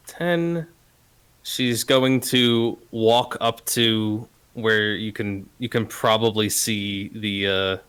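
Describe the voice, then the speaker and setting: Slow, smooth-voiced man playing a tabletop game. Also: on the low side, a bit bright. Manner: hesitant, thinking aloud through his turn. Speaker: player. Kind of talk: casual tabletop game play.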